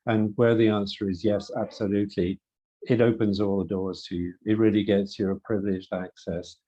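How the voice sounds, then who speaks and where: Man, retired official, measured and warm, muffled audio. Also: fairly low pitch, little pitch movement. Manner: measured, hesitant restarts. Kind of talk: introductory remarks.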